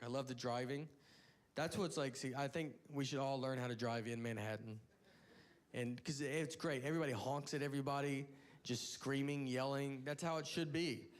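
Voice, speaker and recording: A man from the American South doing stand-up, telling a rambling, self-interrupting story. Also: mid-range voice. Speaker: stand-up comedian. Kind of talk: stand-up comedy routine.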